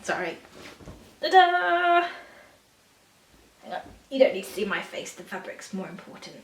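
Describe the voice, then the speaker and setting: A woman's voice: on the low side, quick pace, distant mic, slight background noise. A woman, chatting casually to camera as a sewing vlogger, rambling with fillers and self-corrections and gushing when she shows things off. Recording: echoey room, a bit off-mic.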